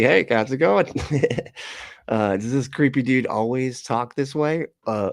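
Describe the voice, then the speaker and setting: A man's voice: on the low side, a little mellow, dry recording, clean studio sound. A man hosting a casual reaction livestream, laughing often, greeting chat viewers and making sarcastic remarks. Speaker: livestream host reacting to a video.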